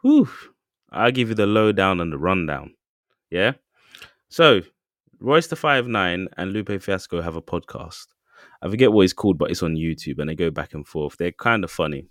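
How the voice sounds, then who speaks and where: Man, deep voice, casual podcast chat, filler-heavy storytelling. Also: animated, moderate pace, fairly bright tone, no echo, clean studio sound. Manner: loose storytelling, full of fillers and asides. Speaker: podcast co-host.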